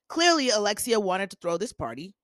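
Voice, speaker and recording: A woman's voice: mid-range voice, a little fast, no echo, studio quality. A woman hosting a podcast, recapping reality TV in a sassy, casual gossip style. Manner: sassy, animated, acts out quotes in put-on voices.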